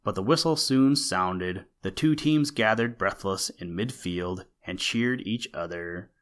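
Lower-voiced man reading a story. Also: a little slow, a bit bright. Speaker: narrator. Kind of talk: scripted narration of an old school story.

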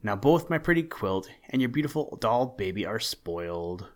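A man's voice: on the low side, big pitch swings. A man voicing a stern, scolding older aunt in a storybook. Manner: brisk, scolding.

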